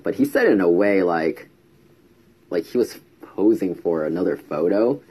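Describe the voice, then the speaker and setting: A man's voice: sits low, big pitch swings, moderate pace, a little mellow, breathy edge. A man telling a casual story to camera, chatty, acting out quoted lines in a raised voice. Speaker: vlogger.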